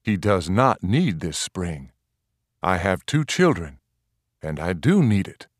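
A brave, stubborn young frontier mother, put on by a male reader, who holds her ground in firm, plain words. Her lines come slowly, lifted a touch above a deep male voice, in a dry, close recording. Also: very animated, dry recording, full character voice. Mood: firm, defiant.

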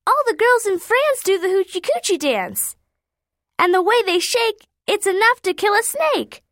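A woman voicing an excitable six-year-old boy in a storybook reading, with a high, bouncy delivery. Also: brisk, dry recording, clean studio sound. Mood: singsong.

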